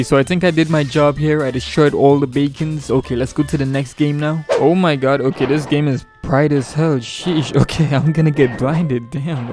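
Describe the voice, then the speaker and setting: A man's voice: mid-range voice, darkish tone. A man giving live gameplay commentary as a gaming YouTuber, with playful mock-villain trash talk and frequent laughs.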